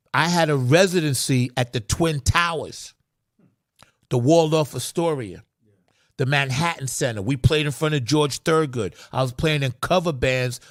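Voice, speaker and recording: A mid-pitched man tells his musical life story with emphatic, animated energy, leaning hard on key words. The sound is dry and close, as from a studio mic. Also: no echo. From Long Island, New York. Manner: emphatic, rising into excited bursts. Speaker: funk musician, guest.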